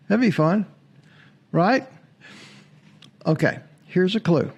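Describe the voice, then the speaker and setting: A man's voice: sits high, sing-song, slow pace, gravelly, pauses often, a little mellow, slightly rough. A man hosting a casual sports podcast, chatting to viewers, laughing often and mocking commenters.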